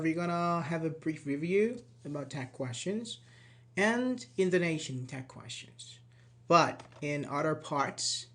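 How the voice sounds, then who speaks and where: A man giving an online English grammar lesson, lively and full of rhetorical questions to the viewer. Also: on the high side. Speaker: English teacher.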